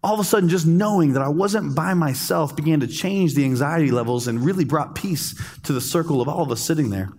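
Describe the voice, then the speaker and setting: A man in his thirties preaching a sermon, telling a camping story with humor and slow pauses for emphasis. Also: fairly high pitch, a little mellow, big-room sound. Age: 30s. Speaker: pastor.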